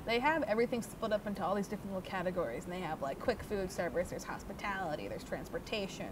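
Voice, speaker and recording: A young adult woman telling a story about her old job to the camera in a casual, animated way, swearing often. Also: medium pitch, fast. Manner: profane, animated, swears freely. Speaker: former theme park worker telling her story. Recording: noisy background.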